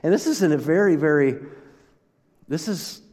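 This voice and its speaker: A man preaching a sermon as pastor, conversational and animated, often breaking off and restarting his sentences. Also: fairly high pitch, moderate pace, in a large hall. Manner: conversational, animated, self-interrupting.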